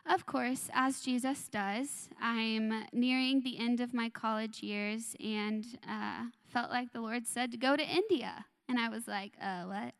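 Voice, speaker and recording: A young woman in her twenties gives a church testimony in a soft, earnest voice, pausing often with ums. Her tone sits a little high, with a gravelly fry running through it. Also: steady tone. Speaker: worship leader sharing a testimony.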